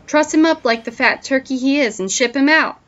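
A woman's voice: sits high, brisk, a bit bright, pitched above the performer's own voice. A woman voicing a bossy, demanding female ant queen who barks commands, on a dull lo-fi recording. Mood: commanding. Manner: barking commands.

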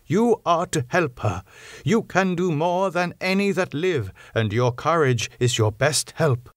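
A man reading an audiobook, voicing an elderly professor, earnest and slow in his emphasis. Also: on the high side, expressive, no echo, studio quality, voice pushed up. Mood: grave. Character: elderly Dutch professor, grave, kindly. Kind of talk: audiobook character voice.

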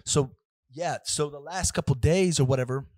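A young man hosting a casual solo podcast, rambling and swearing through tangents, swinging between loud outbursts and muttered asides, close to the mic. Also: a little high, moderate pace, dry recording. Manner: rambling, profane, restless, many fillers and tangents. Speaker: podcast host.

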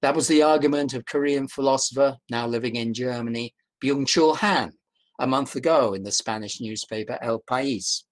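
A man giving an online academic talk as a guest professor, measured and emphatic, posing rhetorical questions to his audience over a video call. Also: mid-range voice. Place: indoors at home during rain.

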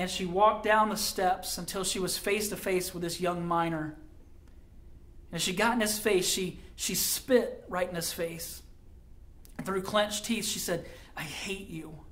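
High-voiced man telling a sermon story. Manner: dramatic storyteller, drops quiet for quoted lines. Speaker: pastor.

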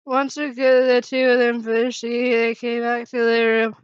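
A woman reading a fan story aloud in a halting way, with slips and restarts. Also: on the high side, flat delivery, clean tone, no echo, lo-fi sound. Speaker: fan fiction reader.

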